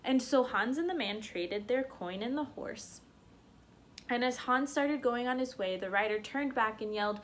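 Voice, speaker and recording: A woman storyteller telling a folktale aloud in an animated, homespun way. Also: a little high, moderate pace.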